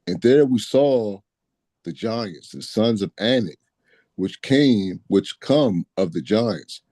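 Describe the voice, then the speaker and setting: A man slowly reading scripture aloud in a measured way during a Bible study. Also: on the low side, expressive, warm tone, dry recording. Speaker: scripture reader.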